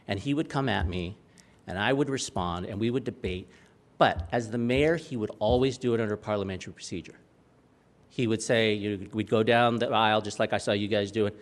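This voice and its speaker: A middle-aged man talks to a room of council members like he's chatting with them. He's animated and tells stories, then circles back to hammer his main points home. His delivery stays conversational rather than formal. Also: medium pitch, moderate pace. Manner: conversational storyteller, animated, repeats key points. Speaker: city attorney giving a training talk. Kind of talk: informal presentation to council members.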